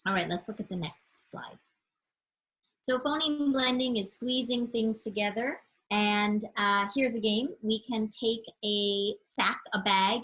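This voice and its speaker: A woman educator leading an online webinar for parents, explaining reading games in a friendly, explanatory way and stretching words out slowly to show their sounds. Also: medium pitch, fairly bright tone, husky, rough recording.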